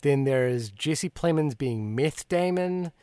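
A man's voice: a little high, expressive, takes it slowly, darkish tone, smooth, no echo. A man co-hosting a film podcast in casual chat, joking wryly and musing thoughtfully. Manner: wry, jokey, thoughtful. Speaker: podcast co-host.

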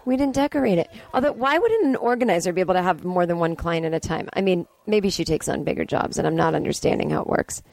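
A woman's voice: fairly low pitch, lively intonation, fast, gravelly, few pauses, darkish tone, no echo. Sarcastic chatty woman podcaster. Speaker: podcast host. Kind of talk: movie recap commentary. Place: family home.

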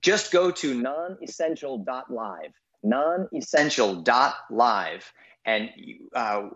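A man's voice: medium pitch, animated, slow pace, fairly bright tone, dull audio. A man speaking as an interview guest, earnest and emphatic. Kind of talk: interview talk.

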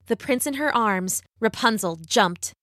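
Bright-voiced woman reading a storybook. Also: fairly high pitch, no room sound, clean studio sound. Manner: expressive, measured reading.

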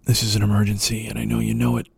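A man doing a mocking impression of a solemn, self-important male podcaster who speaks in a hushed, half-whispered voice. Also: fairly low pitch, completely flat delivery, racing, vocal fry, husky, dry recording, pitched below the performer's own voice, exaggerated voice.

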